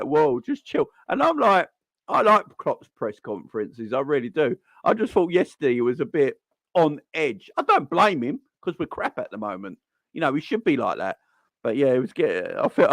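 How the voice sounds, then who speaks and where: A man hosting a casual fan live stream, rambling and excitable, full of slang and shout-outs. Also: mid-range voice, no room sound. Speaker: fan channel host.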